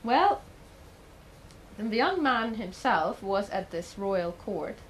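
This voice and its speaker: A woman's voice: medium pitch, sing-song, slow, a little hiss or hum, rough recording. A woman giving a talk, telling a story in a conversational way with the odd filler and questions to the audience. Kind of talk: storytelling lecture.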